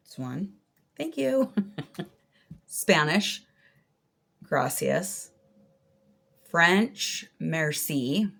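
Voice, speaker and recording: A middle-aged woman talks through a casual crochet-channel Q&A in an unhurried, chatty way. Her voice sits low and carries a steady vocal fry. She muses and thinks aloud as she goes. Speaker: crochet vlogger. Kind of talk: casual Q&A vlog.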